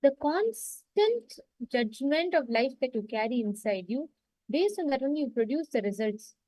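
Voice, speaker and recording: A woman's voice: high voice, lively intonation, moderate pace, mellow, no room sound, low-quality recording. A woman giving a spiritual talk, explaining earnestly and telling a parable to make her point.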